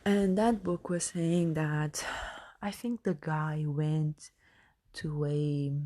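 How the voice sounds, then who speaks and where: A woman's voice: sits low, fairly even intonation, slow pace, mellow. A woman who is not a native English speaker hosts a podcast as a coach, talking through meditation tips with many fillers and restarts. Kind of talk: casual self-help monologue.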